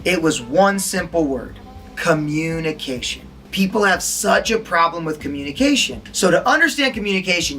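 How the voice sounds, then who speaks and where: An acting instructor with a high, sharp-toned voice teaches a recorded lesson to an audience, quizzing his listeners and acting out different tones of voice.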